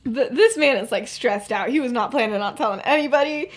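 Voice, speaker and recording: A woman's voice: fairly high pitch, brisk. Giggly, rambling young woman. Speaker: podcast co-host. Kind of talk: casual fanfiction retelling.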